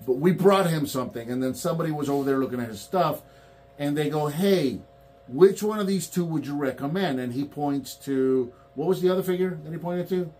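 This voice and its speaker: A man's voice: a little high, fairly quick. A man in casual chat about toy collecting, telling stories and acting out quotes. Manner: animated storyteller, acts out quotes.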